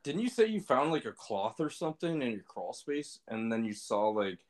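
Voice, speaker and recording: A man's voice: medium pitch, animated, moderate pace. Man asking casual follow-up questions. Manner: brief reactions, questioning. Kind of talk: casual chat.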